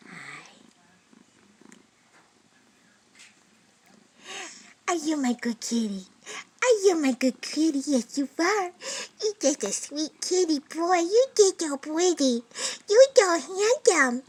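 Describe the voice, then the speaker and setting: A doting, very high-pitched baby-talk voice coos the same fond phrases again and again, as a woman fusses over her animals. It is slow and drawn out, with a sing-song rise and fall. The tone is tender and repetitive. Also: big pitch swings.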